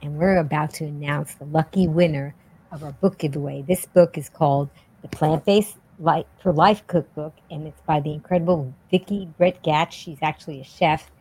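A woman's voice: deep voice, fairly even intonation, moderate pace, mellow, slightly rough, poor audio. A woman hosting a casual interview show, chatty and friendly, often restarting her sentences. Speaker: podcast host.

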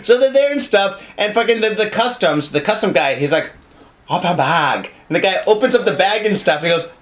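A man with a high voice co-hosts a comedy podcast. He talks in a loose, profane, rambling way, spinning off into jokey tangents and little acted-out bits. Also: lively intonation, fast. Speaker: podcast co-host. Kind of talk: casual comedic chat.

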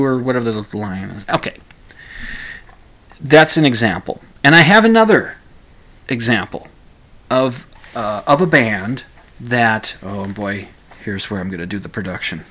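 A man's voice: fairly low pitch, lively intonation, normal speed, pauses often, a bit bright. A man hosting his own podcast, talking casually on his own, stopping and restarting often and repeating small words as he thinks aloud. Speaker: podcast host. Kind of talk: casual solo podcast talk.

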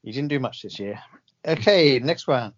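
A man co-hosting a comic chat, joking and putting on deep, slow voices of dead celebrities. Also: animated, muffled recording. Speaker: podcast co-host. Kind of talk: comic chat, doing séance impressions.

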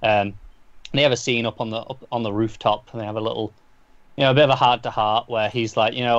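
A man's voice: on the low side, steady tone, fast talker, no echo, lo-fi sound. A man co-hosting a podcast, casually recapping a story at length with frequent restarts and repeated words. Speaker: comic book podcast co-host.

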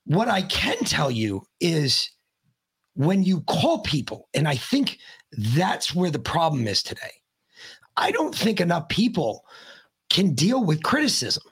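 A man, a podcast guest, telling a story in casual chat, blunt and profane, rambling and animated as he talks. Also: a little high, unhurried, breathy edge.

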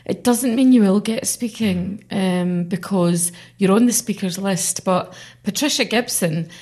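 A middle-aged woman who is a member of parliament talks earnestly in a conversational interview. Her medium-pitched voice is unhurried and a little mellow, and her speech has many fillers and restarts.

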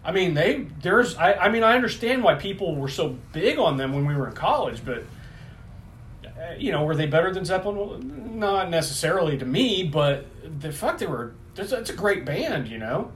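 A man's voice: high-pitched, sing-song, normal speed, fairly bright tone, slight background noise. A man in his forties in casual chat, rambling and correcting himself as he goes, swearing freely.

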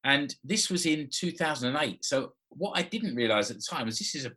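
A man's voice: mid-range voice, expressive, a little fast, bright, forceful tone, breathy edge. A man in his forties, a podcast co-host telling a personal story in casual chat, laughing often and restarting his sentences. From Britain. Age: 40s.

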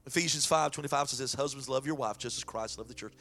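A pastor with a medium-pitched voice talks fast, preaching a folksy sermon before shifting into loud prayer. Faint music plays behind him.

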